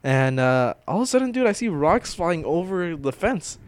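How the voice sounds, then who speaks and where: A man's voice: a little high, big pitch swings, normal speed, no room sound. Laughing young man telling stories. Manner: laughing storyteller, slangy. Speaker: podcast co-host. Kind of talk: casual chat. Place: home room.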